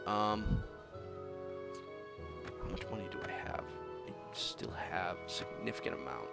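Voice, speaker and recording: A man's voice: deep voice, animated, a little slow, vocal fry. A man hosting a let's play, commenting on his game in a casual, wry way with sighs. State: coughing. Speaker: gaming video host. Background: game music.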